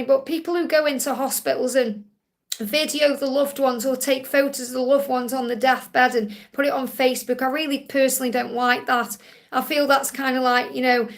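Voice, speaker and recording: A woman's voice: sits high, vocal fry, fairly bright tone. A woman hosting a live-stream psychic reading, talking earnestly and emotionally with many fillers. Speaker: psychic medium host.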